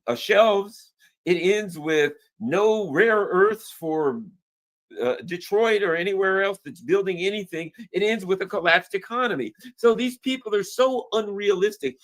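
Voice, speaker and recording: A man co-hosting a political commentary show, his pitch swinging widely as he talks. He restarts sentences often and slips into mocking imitations of his opponents. His voice sits a bit higher than most men's. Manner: animated, restarts often, mocks opponents in put-on quotes. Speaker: co-host.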